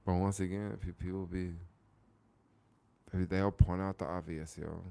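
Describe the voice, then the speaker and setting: A man's voice: low voice, steady tone, vocal fry, mellow. A man hosting a casual livestream, chatting with viewers and repeating phrases for emphasis. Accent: American. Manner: repetitive, restarting phrases, drawn-out emphasis. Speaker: livestream host.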